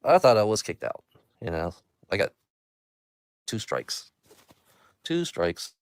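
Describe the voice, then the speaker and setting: A man's voice: lowish voice, very animated, takes it slowly, clean tone, dry recording. A man hosting his own livestream, talking casually in a meandering way and taunting viewers. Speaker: livestream host.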